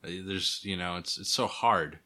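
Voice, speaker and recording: Male co-host, very low voice with a sharp, bright edge, dry and sarcastic banter. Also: moderate pace. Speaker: podcast producer and co-host. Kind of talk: casual chat.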